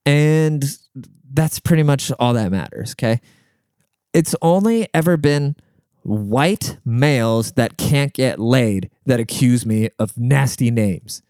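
A man's voice: mid-range voice, animated, slow, a little mellow, smooth, no room sound, studio quality. A man hosting a show, telling a story in a casual, profane and exasperated way.

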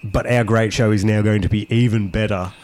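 A man's voice: on the low side, fairly even intonation, fairly quick, a little mellow. A man co-hosting a podcast, talking in a casual, rambling way. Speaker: podcast co-host. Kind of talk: casual chat.

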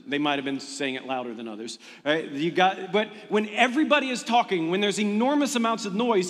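A middle-aged man, a pastor, preaching a sermon in a conversational, animated storytelling manner to his congregation in a church. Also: fairly high pitch. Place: church sanctuary. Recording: long reverb of a large hall.

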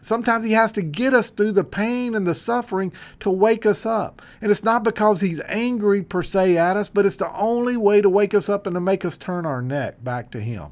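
Earnest, higher-voiced male preacher. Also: moderate pace, few pauses. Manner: earnest preaching, swings from emphatic to soft and tender. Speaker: pastor. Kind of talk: sermon.

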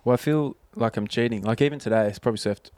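A man in a relaxed, joking podcast chat, swearing freely. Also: mid-range voice, fast, dry recording. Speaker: podcast co-host. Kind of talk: casual chat.

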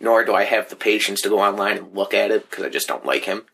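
A man's voice: fairly low pitch, fast, vocal fry, a bit bright, slightly rough. A man co-hosting a podcast in casual chat, rambling with lots of fillers and swearing freely. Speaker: podcast co-host.

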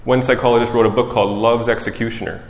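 A man preaching a sermon in a relaxed, conversational way, who often corrects himself and tells stories from his work as a child psychologist. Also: mid-range voice, fast. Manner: conversational, self-correcting, animated storytelling. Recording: echoey hall with long reverb.

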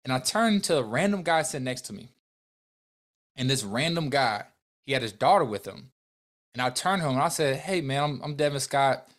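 A man's voice: mid-range voice, fairly quick. A young man as a podcast guest, earnestly telling a personal story, acting out the dialogue and speaking openly about his faith. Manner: earnest, animated, faith-filled, acts out dialogue.

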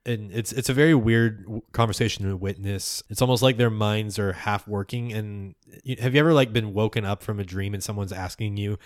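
Game master with a low, dry voice. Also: male voice, steady tone, a little fast, hardly any pauses, dry recording. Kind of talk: narrating a tabletop game.

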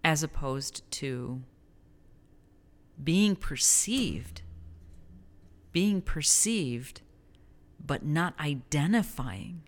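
A woman's voice: low voice, animated, drawn-out words, long pauses. A woman from New Mexico co-hosting a podcast, talking casually and rambling, correcting herself and laughing often. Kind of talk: casual conversation.

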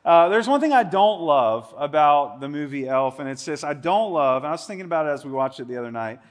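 A male pastor in his 40s delivers a chatty sermon in a slightly higher-pitched voice. His manner is conversational and animated, with quick asides.

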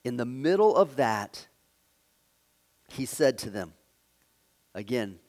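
A man preaching a sermon, halting with fillers and restarts, swinging from loud emphasis down to hushed, quiet phrases. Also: medium pitch, big pitch swings. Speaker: pastor.

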